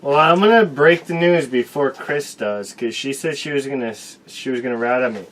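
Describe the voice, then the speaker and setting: Man, mid-pitched, co-hosting a casual talk show; animated, tells stories. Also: normal speed, slight background noise, low-quality recording. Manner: animated storyteller. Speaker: co-host. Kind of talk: casual chat.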